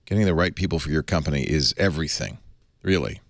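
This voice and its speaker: Man, tech podcast host, lively swinging intonation, dry close studio sound. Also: very deep voice, quick pace, no room sound. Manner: animated, jokey. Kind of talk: casual panel chat and ad read.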